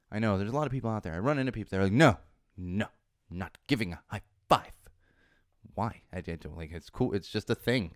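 A man hosting a casual talk show, chatty and animated, with frequent fillers and chuckles, close to the mic. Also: on the low side, clear, resonant tone, no echo. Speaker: podcast host. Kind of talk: casual chat about trending topics.

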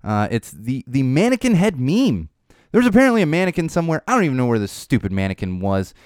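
Young male podcast host, casual wry monologue, smooth voice, dry close recording. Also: medium pitch, fast talker, no room sound. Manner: rambling, wry, animated, swears casually.

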